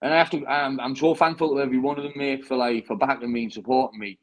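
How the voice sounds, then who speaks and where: A man's voice: mid-range voice, steady tone, quick pace, low-quality recording. Young man, British accent, bare-knuckle fighter, rambling, chatty, post-fight interview. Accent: British English. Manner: chatty, says "mate" constantly, rambling restarts.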